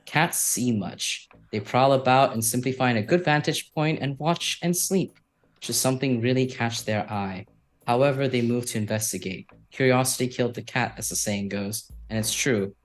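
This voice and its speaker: A man narrating a tabletop game as game master, unhurried and thinking aloud with frequent fillers. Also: mid-range voice.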